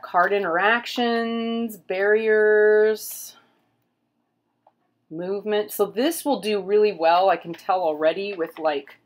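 A woman's voice: medium pitch, fairly even intonation, slow. A middle-aged woman chatting casually at home as she flips through a book, rambling with lots of fillers. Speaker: tarot reader and vlogger. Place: home room with pets.

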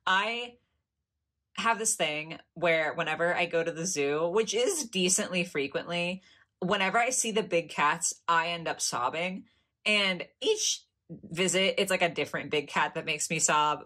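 A woman's voice: fairly low pitch, fairly bright tone. A young American woman chatting through a casual toy unboxing, gushing and giggly as she talks. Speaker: doll collector vlogger.

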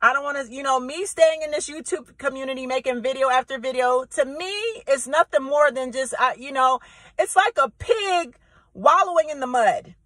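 A woman content creator rants directly to camera for her viewers in a vlog, brash, profane, and emphatic, often repeating herself. Her high-pitched voice is fairly bright at normal speed, in a rough recording with no room sound.

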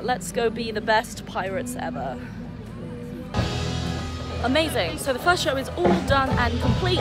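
A young woman, vlogging casually and chattily from an outdoor festival as a children's entertainer. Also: a little high. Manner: bubbly and chatty. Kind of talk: casual vlog. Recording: music playing in the background.

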